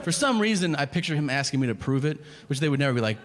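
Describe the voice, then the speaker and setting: On stage in a large, reverberant hall, a male stand-up comedian tells a profane, conversational story and acts out the voices of its characters. His medium-pitched voice races along with big pitch swings and hardly any pauses. Audience laughter and ambience fill the live recording.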